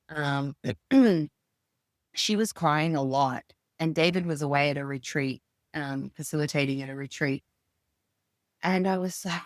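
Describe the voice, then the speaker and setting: A woman in her thirties, a podcast guest speaking casually and reflectively, thinking aloud with pauses. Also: deep voice, no room sound, studio quality. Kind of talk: casual conversation.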